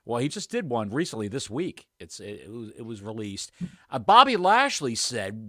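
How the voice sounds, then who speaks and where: Animated, bright-voiced podcast man. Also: medium pitch, moderate pace, dry recording, studio quality. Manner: animated storyteller, jokey asides. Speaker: podcast co-host. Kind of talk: casual chat.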